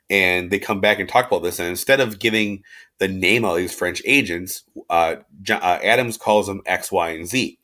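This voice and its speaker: Casual low-voiced male history teacher. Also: moderate pace, sharp tone. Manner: casual, conversational, frequent fillers and asides. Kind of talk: informal lecture.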